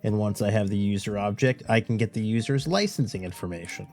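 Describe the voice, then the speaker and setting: A man's voice: on the low side, fairly quick, a little mellow, soft background music. A man hosting a tech tutorial in a loose, rambling way, full of "you know"s and "uh"s. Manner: rambling, filler-heavy, with many "you know"s and "uh"s. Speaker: tech YouTube host. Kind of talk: casual tutorial talk.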